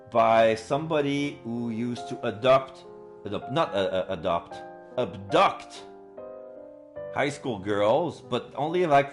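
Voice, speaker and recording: Slow, low-voiced male streamer, halting, excitable. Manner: halting, many fillers, excitable. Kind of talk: casual live-stream chat.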